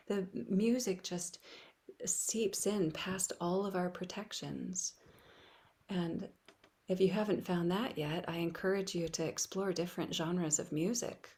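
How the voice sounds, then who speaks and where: A woman leading an online spiritual practice, speaking softly and often dropping to a whisper, with playful asides. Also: medium pitch, unhurried. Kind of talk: gentle spiritual teaching.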